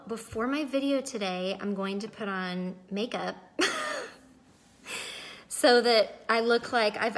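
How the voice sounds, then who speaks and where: A woman in her thirties hosting a casual live video, chatting to viewers, greeting them by name and sounding emotional and close to tears. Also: medium pitch. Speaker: wellness livestream host.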